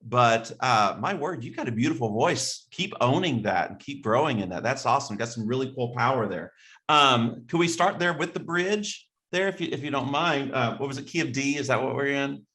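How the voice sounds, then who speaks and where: A man's voice: medium pitch, animated, moderate pace, pushed and bright. A man coaching a singer in a live online vocal lesson, encouraging her and singing short demonstration phrases.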